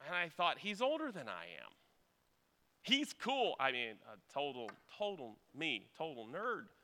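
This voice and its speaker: Bright-voiced preacher in a church. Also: male voice, fairly high pitch, huge pitch swings, unhurried, in a large hall. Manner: earnest storytelling, rising to urgent exhortation. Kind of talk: sermon.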